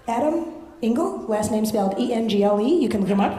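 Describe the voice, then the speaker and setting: A woman's voice: a little high, expressive, fairly quick, dark tone. A young woman doing a stand-up comedy set, brash and profane with punchy delivery, on a handheld mic at a comedy club stage. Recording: roomy club sound.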